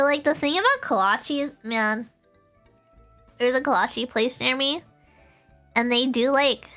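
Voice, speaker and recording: A woman streaming from home, chatting in a playful, rambling way with plenty of laughs. Her voice is bright and sits a little high. Soft music plays quietly behind her. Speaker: vtuber streamer. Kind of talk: casual chat with stream chat.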